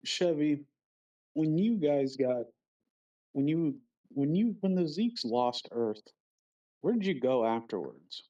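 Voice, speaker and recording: A man's voice: fairly high pitch, expressive, slow pace, long pauses, mellow. A man playing a tabletop game over a muffled, distant mic, narrating his character's actions in third person. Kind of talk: casual in-character chat over voice call.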